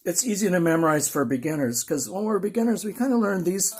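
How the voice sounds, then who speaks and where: A man's voice: high voice, fast talker, a little mellow, husky. An older man teaching guitar in a casual, rambling, self-deprecating way, with guitar playing behind him.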